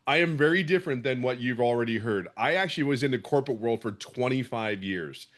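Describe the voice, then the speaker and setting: A man's voice: mid-range voice, expressive, brisk. A middle-aged man from the Philadelphia area, giving an emphatic, impassioned testimonial in casual talk, with frequent restarts. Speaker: program member giving a testimonial.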